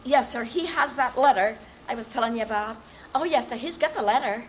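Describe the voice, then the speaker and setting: A woman's voice: fairly high pitch, a little fast, slight background noise, close to an everyday voice, poor audio. A woman acting an earnest young working-class woman who politely pleads her case to a judge in a dramatic monologue. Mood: relieved.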